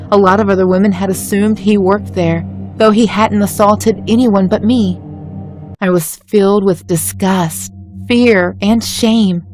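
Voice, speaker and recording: A woman's voice: mid-range voice, a little mellow. Woman narrating a horror story. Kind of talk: scripted first-person horror narration.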